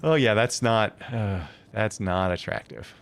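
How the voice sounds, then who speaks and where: A man's voice: on the low side, unhurried, gravelly. A man live-streaming a building game, chatting casually and thinking aloud with many hesitant self-corrections.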